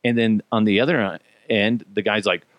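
A man hosting a podcast in casual opinion talk, animated and profane, drifting between tangents. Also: fairly low pitch, normal speed, dry recording. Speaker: podcast host.

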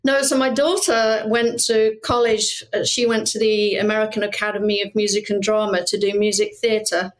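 A woman's voice: mid-range voice, level tone, normal speed, hardly any pauses, rough recording. A middle-aged British woman, a former detective, talking earnestly as a guest in a casual podcast interview and laughing easily. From Britain.

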